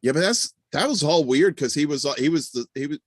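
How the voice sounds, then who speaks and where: A man guesting on a casual chat, jokey and laughing, quick to riff on the others. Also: on the high side, expressive, no echo, studio quality.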